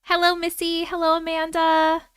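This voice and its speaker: High-voiced woman hosting a casual livestream. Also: completely flat delivery, normal speed, fairly bright tone, no echo, studio quality. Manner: greets viewers one by one by name. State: low energy. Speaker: livestream host. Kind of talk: casual livestream chat with viewers. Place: home, at her computer.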